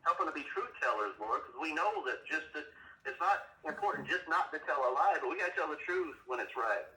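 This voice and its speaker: Over the phone, a middle-aged father leads his kids through a Bible lesson, sounding stern and scolding in a preachy scripture-teaching style. His voice is fairly high, animated, brisk and sharp, and the call sounds echoey and distant with faint noise.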